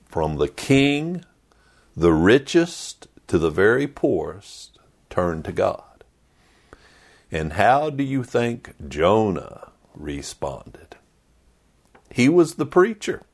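A man, a pastor, preaching a sermon on a passage, reading it out and acting out quoted lines dramatically. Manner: dramatic, voices quoted complaints with rising pitch.

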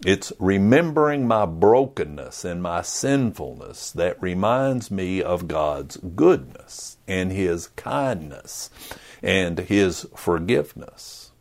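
A man's voice: low-pitched, sing-song, slow pace. A man preaching a sermon in an earnest, conversational way, acting out little asides. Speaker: pastor.

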